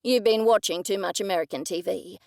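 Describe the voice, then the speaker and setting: A woman's voice: medium pitch, a little fast, creaky, darkish tone, no echo, natural voice. A woman narrator voicing a stern middle-aged male police detective, probing and accusing in a dry manner.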